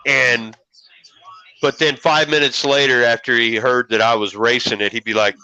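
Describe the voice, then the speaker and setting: A man's voice: mid-range voice, steady tone, normal speed, pushed and bright, clear, resonant tone, no room sound, lo-fi sound. A middle-aged man from Illinois, hosting and telling rambling, folksy stories with casual swearing. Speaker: show host. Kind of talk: casual storytelling.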